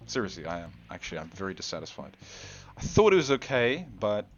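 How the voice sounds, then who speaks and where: Low-pitched, animated male gaming host; rambling, self-deprecating commentary straight to the viewer. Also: fast, lo-fi sound, faint music behind. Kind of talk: casual gameplay commentary.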